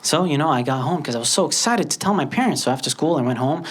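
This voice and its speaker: A man in his thirties from Lebanon doing a stand-up comedy set, telling stories in an animated way and acting out the voices. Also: on the high side, quick pace, background noise. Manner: animated storytelling with acted-out voices. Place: stage before a live audience.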